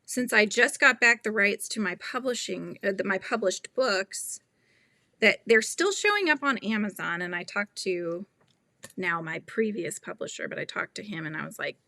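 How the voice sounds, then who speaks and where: A woman hosting a casual crochet livestream, giggly, animated and chatty as she talks to viewers. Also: mid-range voice, normal speed, gravelly, no room sound. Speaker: livestream host.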